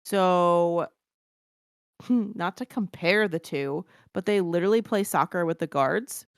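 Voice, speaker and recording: A woman's voice: on the low side, slow, dry recording, clean studio sound. A woman co-hosting a podcast, talking in a laid-back, wry way and often backing her partner up with short agreements. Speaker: podcast co-host. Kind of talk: casual chat, book review.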